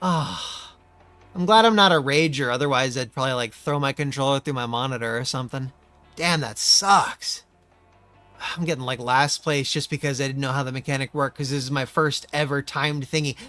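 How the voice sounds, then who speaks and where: A man streaming a racing game, commenting as he plays with constant profanity, exasperated ranting and sudden yelled outbursts. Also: a little high, no room sound. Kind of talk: live gameplay commentary.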